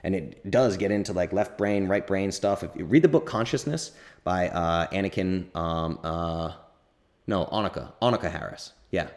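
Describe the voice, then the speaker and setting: A man's voice: deep voice, normal speed, a little mellow. A man hosting a podcast, talking casually and candidly as he answers listener questions, often rambling and correcting himself. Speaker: podcast host.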